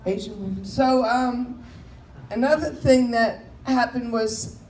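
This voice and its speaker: High-voiced New woman doing stand-up. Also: takes it slowly, darkish tone. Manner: chatty, storytelling, mimics voices and announcements. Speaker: comedian. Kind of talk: stand-up comedy set. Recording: echoey room with faint noise.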